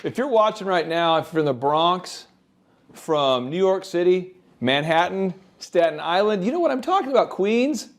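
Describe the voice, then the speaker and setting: A man with a high-pitched voice hosts a business show, coaching listeners in a lively, animated way. He grew up in the American Midwest. He often slips into quick acted-out sales pitches. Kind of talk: energetic business advice talk.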